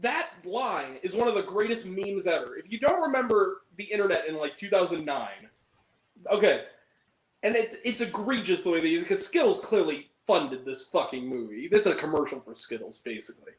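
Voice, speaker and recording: A man's voice: sits high, big pitch swings, a little fast, reverberant, rough recording. A man hosting a movie review, ranting animatedly and swearing freely in casual chat.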